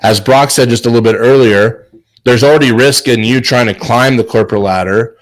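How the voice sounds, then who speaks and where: A man's voice: mid-range voice, brisk, poor audio. A man hosting a chef business show, giving an emphatic, preachy motivational talk on a video call. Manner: emphatic, preachy, repeats words. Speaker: host.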